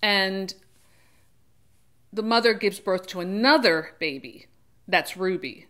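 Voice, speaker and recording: This book reviewer takes it slowly, her mid-range voice fairly bright in tone. Hosting her own channel, she chats digressively about a book, correcting herself often and slipping into short character voices.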